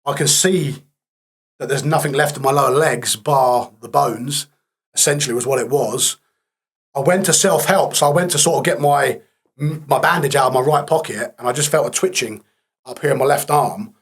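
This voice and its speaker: A man as a podcast guest, telling his story candidly in a blunt, matter-of-fact way with dark humour. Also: mid-range voice, moderate pace, husky.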